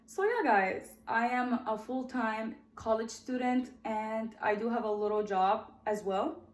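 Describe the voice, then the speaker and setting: A woman's voice: fairly high pitch, a little slow, echoey room. A woman in her twenties hosting her own podcast and telling her life story in a chatty, heartfelt way. She is emotional and close to tears at times. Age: 20s. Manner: chatty and heartfelt, often addresses "guys". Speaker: podcast host.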